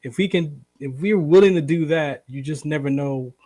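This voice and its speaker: A man's voice: a little high, moderate pace, warm tone, dry recording. A man hosting a radio show, welcoming listeners back and reflecting on the talk. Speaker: host.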